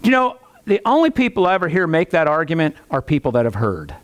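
Animated preaching man. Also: fast. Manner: animated preaching, rising pitch on rhetorical questions. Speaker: pastor. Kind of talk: sermon.

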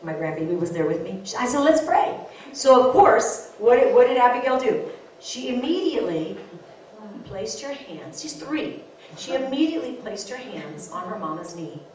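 An older woman pastor preaching a lively sermon, telling stories and drawing call-and-response from her congregation. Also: fairly high pitch, moderate pace, heavy reverb, far from the mic, slight background noise. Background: congregation responding amen.

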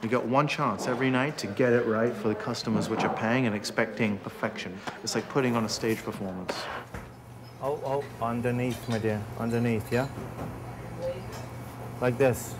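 A man's voice: mid-range voice, steady tone, normal speed, background noise. A man working as a head chef, talking intensely and swearing as he barks orders. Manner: intense, profane, barking orders. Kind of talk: documentary interview and kitchen shouting. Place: restaurant kitchen.

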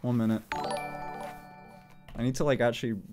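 A British man in a casual live-stream chat, talking in an animated way, swearing a lot and laughing often. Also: medium pitch, slow, over music.

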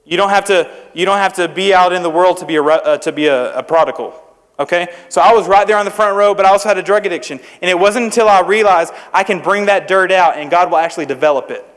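Youth preacher, young man, high voice, chatty and joking with students, church hall with a long echo. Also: fast talker, a bit bright. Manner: conversational, humorous, asks the crowd questions. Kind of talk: sermon to students. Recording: echoey hall with long reverb.

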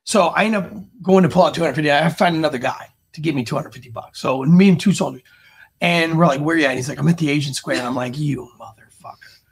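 Man, gravelly husky voice, a bit high, animated storyteller, casual podcast chat. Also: fast talker. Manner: animated, acts out quotes with big jumps in pitch. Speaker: podcast co-host, army veteran.

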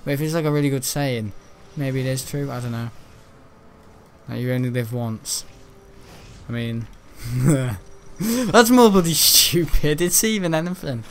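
A young British man gives casual gaming commentary from his bedroom, his voice sitting a little high. He rambles and jokes, swears freely and laughs often. A faint hiss sits under the desk-mic sound. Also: moderate pace. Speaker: gaming video host. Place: bedroom at home.

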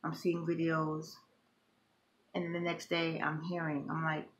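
A woman's voice: low voice, completely flat delivery, measured pace, a little hiss or hum. A middle-aged woman vlogging emotionally, talking in an impassioned, repetitive, grieving way. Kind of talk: emotional personal vlog.

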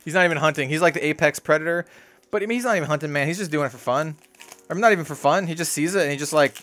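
A young man hosting a card-opening video in a small hot room, rambling and excitable, talking about being sweaty and needing to calm down. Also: fairly high pitch, rapid-fire, soft background music. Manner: excitable, rambling, lots of "dude" and "like". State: sweaty and worked up. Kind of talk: casual case-opening commentary.

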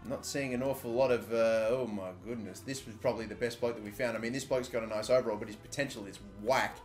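A young Australian man giving live, excitable commentary on a football video game, swearing often and shouting at big moments. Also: mid-range voice, fast talker, soft background music. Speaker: gaming YouTuber.

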